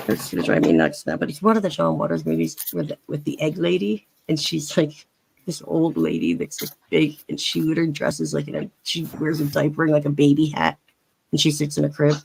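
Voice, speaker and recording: A woman's voice: low-pitched, creaky, a little mellow, breathy edge, rough recording. A woman with a faint Philadelphia accent, chatting as a panelist in a rambling, chatty way with many restarts. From Philadelphia area. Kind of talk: casual chat.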